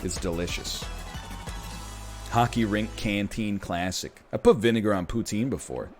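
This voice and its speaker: A man in his thirties giving casual gameplay commentary, chatty and prone to sudden excited yelling. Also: lowish voice, moderate pace, over music. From Canada. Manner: animated, jumps from chatty riffing to excited yelling at the game. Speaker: gaming commentator.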